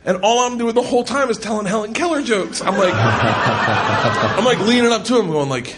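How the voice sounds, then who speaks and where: A man doing stand-up storytelling on a comedy club stage, loud and animated, laughing as he tells it. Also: high-pitched, moderate pace. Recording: loud noisy live recording.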